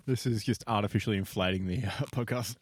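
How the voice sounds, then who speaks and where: A man's voice: on the low side, steady tone, fast talker, slight background noise. A man, co-hosting a casual podcast, rambling and laughing often. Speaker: podcast co-host. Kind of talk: casual banter.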